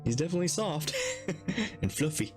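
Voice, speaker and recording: Man streaming a game reaction, playful, rambling, lively pitch, light music behind. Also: normal speed. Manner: playful and rambling, reads lines along. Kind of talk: casual reaction commentary.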